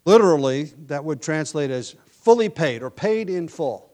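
A man preaching a sermon. He often drops to a soft, hushed voice and then rises to loud, emphatic lines, and he sometimes restarts or repeats words while he explains. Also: fairly high pitch, expressive, normal speed. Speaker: pastor.

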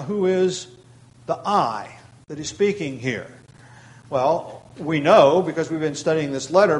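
A male pastor teaches through a scripture passage in a steady, explanatory sermon. His voice sits a bit higher than most men's, and he lifts it to stress key points while filling pauses with small hesitations. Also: low-quality recording. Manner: measured teaching with emphatic rises and frequent fillers. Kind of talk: expository sermon.

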